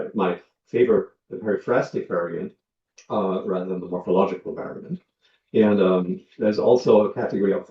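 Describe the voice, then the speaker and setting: A man lecturing on linguistics, talking in a measured way with many ums and uhs as he works through examples. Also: on the low side, darkish tone. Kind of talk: academic lecture. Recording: dull lo-fi sound, roomy, from a distance.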